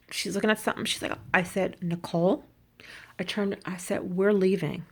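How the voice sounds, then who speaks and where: A woman vlogging about luxury shopping, telling a story in an animated, indignant way. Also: mid-range voice, a little fast. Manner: animated, indignant, quotes people in put-on voices. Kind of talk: casual storytelling rant.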